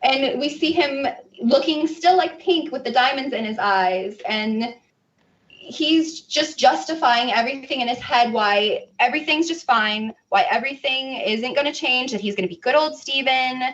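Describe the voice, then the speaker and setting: Woman panelist, higher voice, chatty animated recap; off-mic and dull home recording. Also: normal speed. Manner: animated retelling, acting out characters' lines. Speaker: convention panelist. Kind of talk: casual plot recap. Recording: distant muffled home recording, faint noise.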